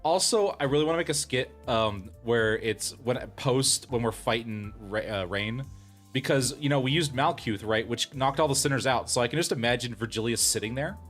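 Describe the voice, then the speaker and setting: A male streamer talks easily with his chat in a mid-range voice, laughing and poking fun at himself. Faint music plays quietly under his voice. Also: mid-range voice, normal speed. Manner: chatty, laughing, self-deprecating. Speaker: streamer and voice actor. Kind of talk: casual chat with a live stream audience.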